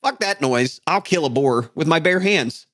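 Animated high-voiced man ranting playfully. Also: normal speed, dry recording, studio quality. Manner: animated, profane, mock-outraged. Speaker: podcast co-host. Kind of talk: casual banter.

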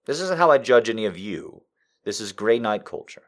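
A man hosting a live podcast, telling a story to his chat, dropping from hushed whispers to loud, profane, teasing jokes. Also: lowish voice, sing-song, normal speed. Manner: swings from hushed whispers to loud crude joking. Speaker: livestream podcast host.

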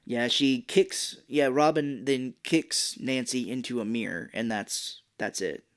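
A woman's voice: rumbling low, measured pace. A woman co-hosting a podcast, casually retelling a film scene by scene, swearing freely and acting out quotes. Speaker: podcast co-host. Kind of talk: casual movie recap chat.

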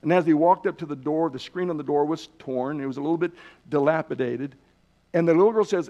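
Man preaching, gravelly fry in a slightly higher voice, earnest storytelling, dull lo-fi sound. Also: dark tone. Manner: earnest storytelling, slows down for emphasis. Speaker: Bible teacher. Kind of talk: sermon-style Bible lesson. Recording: dull lo-fi recording.

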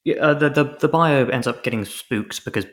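A man's voice: medium pitch, brisk, fairly bright tone. A man co-hosting a casual chat, rambling and sarcastic as he recaps a TV episode. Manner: rambling, sarcastic, lots of restarts.

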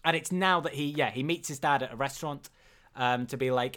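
Casting: casual male podcaster, mid-pitched, loose and rambly, slips into quick character voices. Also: a bit bright. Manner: rambling, acts out quotes, many fillers. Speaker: podcast co-host. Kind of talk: casual film recap chat.

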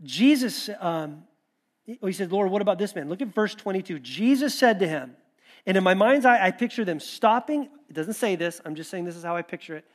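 A man with a notably high-pitched voice delivers a sermon. He talks in a relaxed, conversational way, often breaking into lively quoted asides. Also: brisk. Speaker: pastor.

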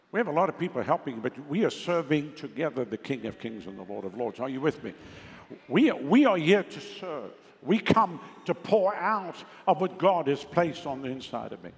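Male pastor, high gravelly voice, emphatic sermon delivery, lingering hall echo. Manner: emphatic preaching, asks the congregation for responses. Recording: long reverb of a large hall.

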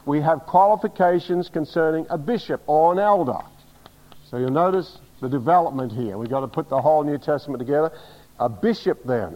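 A man's voice: a little high, dull audio. A pastor preaching a teaching sermon, emphatic and direct, often asking his congregation to agree. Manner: emphatic, spells words out, asks the congregation.

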